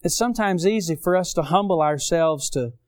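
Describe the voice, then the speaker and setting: A man preaching a sermon, rising loud on key phrases and dropping low for stories. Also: a little fast. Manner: impassioned, swells loud on key phrases then drops low.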